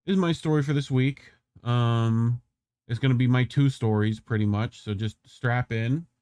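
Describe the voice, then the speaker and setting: A man's voice: medium pitch, mellow. Joking man co-hosting a podcast. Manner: joking, quick asides, swears. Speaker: podcast co-host. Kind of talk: casual commentary.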